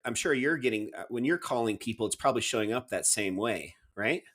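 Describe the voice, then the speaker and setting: A man's voice: medium pitch, expressive, brisk, a bit bright. A man hosting a podcast, asking long, rambling questions with many fillers. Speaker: podcast host. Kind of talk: casual interview questions.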